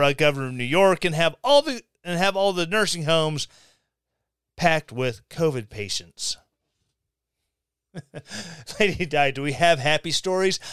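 Guy hosting a podcast, high bouncy voice, sarcastic asides, dry close sound. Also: a bit bright, clear, resonant tone, no room sound. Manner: sarcastic, reads articles aloud with mocking asides. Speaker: podcast host. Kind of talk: casual commentary.

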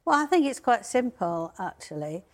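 A woman's voice: medium pitch, sing-song, moderate pace. A woman commenting on a TV debate, firm and opinionated, with some hesitations. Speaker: royal commentator and biographer.

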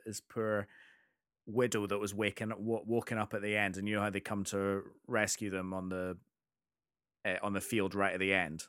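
Low-voiced man in casual film chat. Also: moderate pace, clear, resonant tone, dry recording, clean studio sound. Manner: animated storyteller, many restarts.

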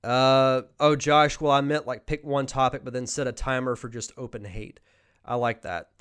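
A man's voice: mid-range voice, steady tone, normal speed, fairly bright tone, clear, resonant tone. A young man hosting a podcast, chatting casually through a live Q&A, reading viewer questions aloud and answering off the cuff. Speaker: podcast host.

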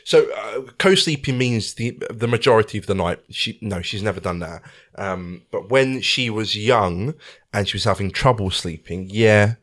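A father and podcast co-host in casual chat, blunt and profane with deadpan teasing. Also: on the low side, normal speed.

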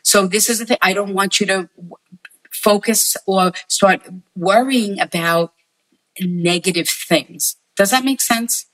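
A woman's voice: mid-range voice, a little slow, a bit bright, rough recording. A woman working as a psychic medium, earnestly relaying messages to the people in front of her and often repeating herself. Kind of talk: spirit reading for sitters.

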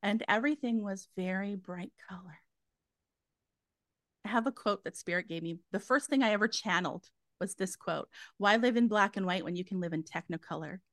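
A woman's voice: mid-range voice, normal speed, a bit bright, dry recording. Chatty woman, dry close sound. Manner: chatty, many fillers and restarts. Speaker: guest medium. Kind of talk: casual interview storytelling.

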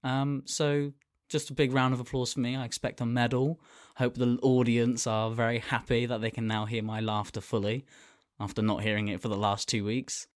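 A man's voice: mid-range voice, flat delivery, moderate pace, no room sound, studio quality. A man co-hosting a podcast, chatting in a teasing, mock-boastful way. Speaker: podcast co-host. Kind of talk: casual podcast chat.

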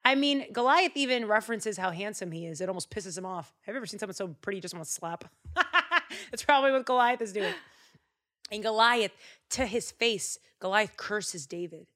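Animated, chatty woman telling a Bible story. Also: mid-range voice, normal speed. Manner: animated, chatty, jokey asides.

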